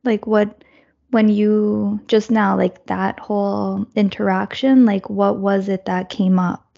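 A woman in a reflective casual conversation, thoughtful and fairly monotone. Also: mid-range voice, takes it slowly, vocal fry, muffled recording. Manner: thoughtful, says she speaks in a monotone.

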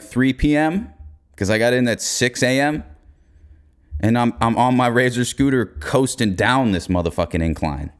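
Profane laid-back young man storyteller. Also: mid-range voice. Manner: profane, laid-back, laughs through his stories. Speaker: podcast host. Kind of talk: casual comedic storytelling.

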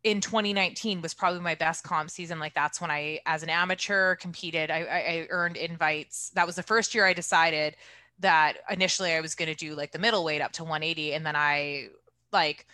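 A woman's voice: on the low side, steady tone, a little fast, sharp tone, no room sound. A woman in casual chat, talking candidly and chattily as a strength athlete.

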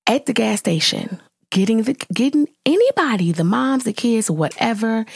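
A woman in her thirties, a mother vlogging to her viewers, telling a story in casual chat and venting with exasperated, animated exclamations. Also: medium pitch, slightly rough, no echo, studio quality.

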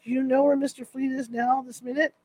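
A woman voicing a forceful male defense lawyer who barks questions at a witness, read from courtroom testimony. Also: high-pitched, flat delivery, a little fast. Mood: pressing. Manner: thundering, barking questions. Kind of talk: reading courtroom testimony aloud.

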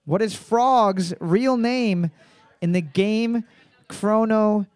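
A man hosting live trivia, reading each question twice in a slow, drawn-out way and joking between questions. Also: sits high, a little mellow, clean tone, no room sound, studio quality. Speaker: trivia host.

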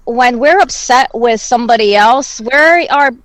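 A woman's voice: on the high side, a little slow, a bit bright, dry recording, rough recording. A woman talking candidly in casual chat, reflective and swearing freely.

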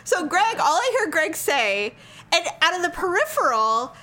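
High bright-voiced woman, super animated storytelling, acts out everyone. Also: normal speed. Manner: animated storyteller, acts out quotes, laughs often. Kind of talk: casual storytelling chat.

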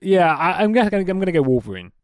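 Lively sarcastic man on a podcast. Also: sits high, fast talker, smooth, no echo, clean studio sound. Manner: sarcastic, chatty, answers with reasoning aloud. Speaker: podcast co-host, quiz contestant. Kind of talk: casual podcast chat.

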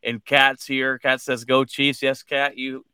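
A man co-hosting a casual sports talk show, halting and restarting often as he reads out listener comments. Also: mid-range voice, little pitch movement, pushed and bright, smooth, dry recording, clean studio sound. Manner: halting, many restarts and fillers. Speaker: co-host.

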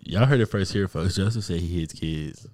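A man's voice: sits low, normal speed, darkish tone, dry recording, clean studio sound. A young man hosting a podcast, teasing his co-host in crude, joking banter. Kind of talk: casual chat.

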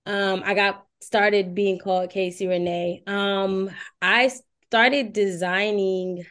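A woman in a podcast interview, her voice at a middle pitch, recounting her path in an easy, chatty way. She laughs often as she talks. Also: slow pace. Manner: relaxed storytelling, laughs often. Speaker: guest, design agency owner. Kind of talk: casual interview chat.

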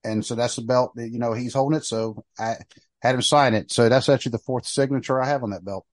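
A man's voice: medium pitch, steady tone, fast, no room sound. A man hosting a wrestling podcast, talking casually with frequent fillers and restarts. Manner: rambling, fillers, trailing off. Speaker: podcast host. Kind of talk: casual chat.

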